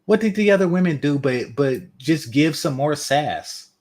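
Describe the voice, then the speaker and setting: A man's voice: on the high side, very animated, measured pace, a little mellow. A man giving reaction commentary online, blunt and mocking, hammering his points home by repeating them. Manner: blunt, mocking, emphatic repetition.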